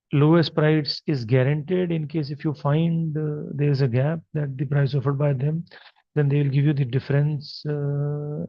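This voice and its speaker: A man's voice: medium pitch, no room sound. A male marketing lecturer with an Indian English accent, explaining slides unscripted with frequent fillers. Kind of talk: recorded lecture over slides. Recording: dry, slightly dull recording.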